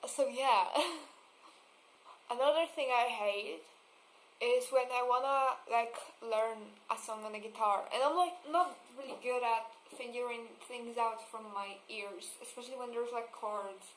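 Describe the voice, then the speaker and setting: Slow-talking young woman ranting casually. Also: a little high, low-quality recording. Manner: swearing, laughing, exasperated asides; mocks voices with exaggerated vocal fry. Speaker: vlogger.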